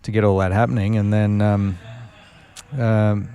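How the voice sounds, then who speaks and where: A man's voice: lowish voice, little pitch movement, a little slow, dark tone, clear, resonant tone. A man, a former racing driver, telling long anecdotes as a podcast guest, with many fillers and restarts. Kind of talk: casual storytelling interview.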